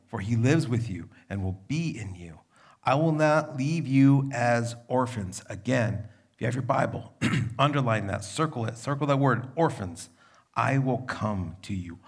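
A young adult male pastor preaching a sermon in a conversational, storytelling manner, with a gravelly voice. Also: medium pitch.

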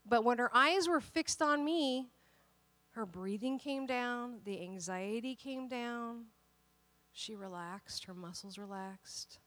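A woman pastor in her thirties preaching a sermon in a lively, conversational way, with frequent restarts. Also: fairly high pitch, slow pace, no room sound.

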